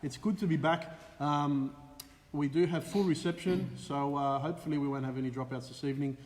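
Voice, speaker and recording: A man's voice: on the high side, a little fast, long reverb tail. An Australian man co-hosting a casual live stream, greeting viewers by name with lots of "uh" fillers. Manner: lively, reels off viewer names with many "uh" fillers. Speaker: co-host of a live racing stream.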